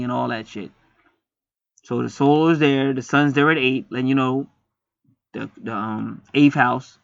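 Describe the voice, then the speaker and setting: A man's voice: medium pitch, vocal fry, a bit bright, no room sound. A man reading an astrology chart aloud in a rambling, profane, joking monologue. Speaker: astrology reader. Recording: slightly muffled lo-fi recording.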